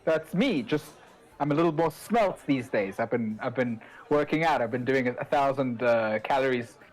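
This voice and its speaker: A man's voice: mid-range voice, moderate pace, rough recording. A man playing a tabletop game, stammering and restarting as he talks in character. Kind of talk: casual in-character play.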